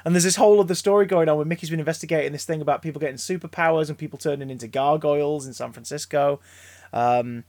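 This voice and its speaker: A man chatting casually as a podcast co-host, an excitable storyteller who rambles, stammers and restarts his sentences. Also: a little high, fast, no room sound. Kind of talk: casual chat.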